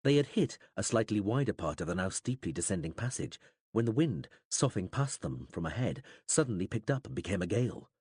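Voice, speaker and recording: A man reading an audiobook aloud in dramatic, expressive scripted narration. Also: on the low side, fairly quick, breathy edge, dry recording, studio quality.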